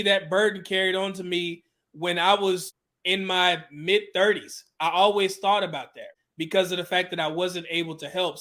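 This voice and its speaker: A man with a high, bright voice tells a candid personal story as an interview guest. He talks casually and loosely, with plenty of filler words and the odd curse word. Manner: casual, with frequent "you know" fillers and swearing.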